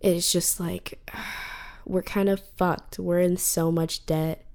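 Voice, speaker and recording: A young woman hosts her own podcast in a loose, frustrated rant, swearing freely and leaning on filler words. Her voice sits low, with a gravelly fry and a warm, mellow color. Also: little pitch movement, slow. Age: young adult. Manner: profane, frustrated, filler-heavy ranting. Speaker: podcast host.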